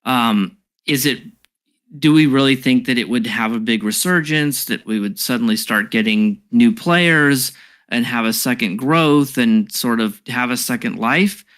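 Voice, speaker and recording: A man's voice: medium pitch, a little slow, a bit bright. Man musing aloud with lots of fillers. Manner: thoughtful, hedging with many fillers. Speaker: podcast co-host. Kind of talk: casual discussion.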